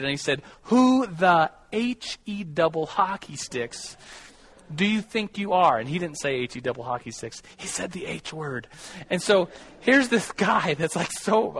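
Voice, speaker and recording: A man, a pastor, preaching a sermon, telling a personal story in a casual, animated way and closing in prayer. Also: on the high side, low-quality recording. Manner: storytelling, animated when quoting others.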